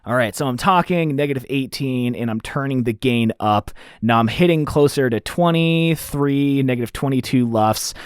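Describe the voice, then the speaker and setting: A man hosting an audio tutorial, explaining step by step in a casual, animated way while demonstrating on a studio microphone. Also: medium pitch, normal speed, clean tone, no room sound. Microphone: studio microphone through an audio interface.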